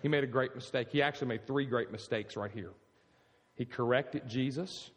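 A man's voice: medium pitch, normal speed, breathy edge. A male pastor preaches in a mid-range voice, storytelling and asking the room questions. His voice rings with a long hall reverb. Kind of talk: sermon.

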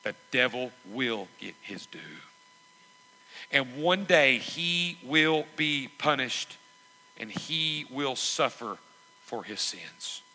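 A man preaching a sermon, emphatic and repetitive, swelling into loud exhortations. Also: mid-range voice, lively intonation, slow, long reverb tail, low-quality recording. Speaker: pastor.

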